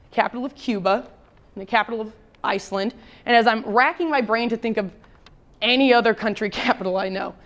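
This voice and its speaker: A young woman telling a funny story to a crowd. Her voice sits a little high and stays lively, and she keeps breaking off for quick comic asides as she builds toward the punchline. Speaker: service member speaking at an event. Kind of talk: storytelling speech to an audience.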